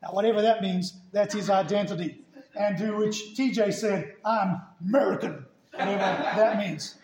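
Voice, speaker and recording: A man's voice: sits high, fairly even intonation, moderate pace, darkish tone. A middle-aged man with a South African accent preaching a sermon, telling stories and asking rhetorical questions. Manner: storytelling, asks rhetorical questions. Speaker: pastor. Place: church sanctuary. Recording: roomy church echo.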